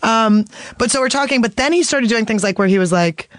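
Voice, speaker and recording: A woman's voice: a little high, a little fast, dry recording. Rambling, profane woman comic. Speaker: comedian guest. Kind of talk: casual podcast storytelling.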